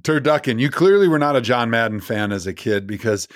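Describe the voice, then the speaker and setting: A man co-hosting a podcast and trading teasing quips, his pitch swinging widely. The sound is dry and close, with no room behind it. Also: expressive, dry recording. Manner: teasing banter, quick quips. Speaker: podcast co-host. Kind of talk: casual chat.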